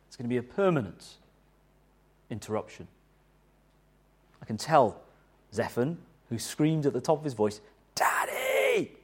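Lively, animated male preacher. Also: fairly high pitch. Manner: animated, conversational preaching with restarts and rhetorical questions. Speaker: pastor. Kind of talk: sermon.

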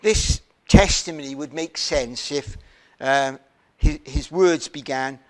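A man preaching a sermon in a deliberate, emphatic way, often asking rhetorical questions. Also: fairly high pitch.

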